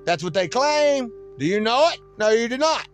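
Man, high pitch, confrontational rambling preacher, faint music underneath. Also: animated, moderate pace. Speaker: self-styled preacher. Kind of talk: ranting sermon monologue.

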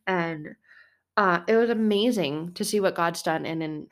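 Animated woman in casual faith talk. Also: lowish voice, a little slow. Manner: animated, rambling, breaks into song. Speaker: vlogger.

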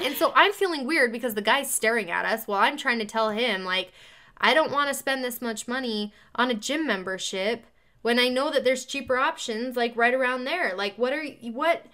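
A woman in casual chat, telling a personal story in an animated way and acting out both sides of a conversation. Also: a little high, moderate pace.

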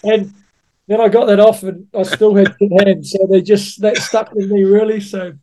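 A man's voice: high-pitched, level tone, moderate pace, warm tone. A man from New Zealand, a rugby coach and podcast guest, telling sweary anecdotes in casual chat and acting out other people's lines. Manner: sweary anecdotal storytelling, acts out other voices.

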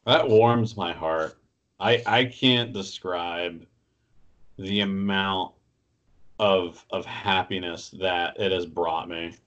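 A man's voice: sits low, slow pace, a bit bright, dull audio. A man co-hosting a sports talk show, casual and profane, telling a story.

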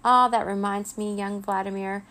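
A woman's voice: medium pitch, fairly even intonation, normal speed, sharp tone, natural voice. A woman voicing a doddering, wheezing old grandfather vampire who is hard of hearing, in a children's storybook reading.

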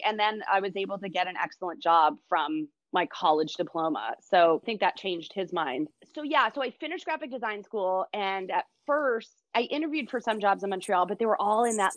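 Lively self-mocking Canadian woman comedian. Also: medium pitch, a little fast, hardly any pauses, dry recording, dull audio. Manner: lively, self-deprecating, laughs through her stories. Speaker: stand-up comedian, guest. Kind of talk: casual storytelling chat.

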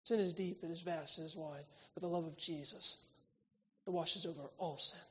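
A man's voice: a little high, fairly even intonation, normal speed, husky. Man preaching in an echoing hall. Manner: swings between loud emphatic lines and quiet intimate ones. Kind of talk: church sermon. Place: church hall. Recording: reverberant hall, slightly dull sound.

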